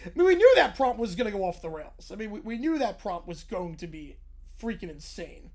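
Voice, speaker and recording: A man's voice: sits high, sing-song, brisk, a little mellow. Laid-back male streamer chatting. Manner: laid-back, laughing, mumbled asides. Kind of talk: casual live-stream reaction chat.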